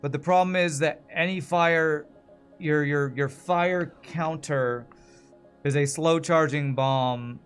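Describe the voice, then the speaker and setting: A man's voice: fairly high pitch, steady tone, slow pace, clean tone, soft background music. Frustrated swearing man streaming a game. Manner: frustrated, swearing, apologetic ranting. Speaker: streamer playing a video game. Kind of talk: live game commentary.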